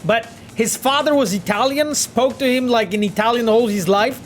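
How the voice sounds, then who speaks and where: A man with a Polish accent, a game developer casually talking to his stream audience as he plays, excitable and swearing freely. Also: very high voice, moderate pace, faint music behind. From Poland.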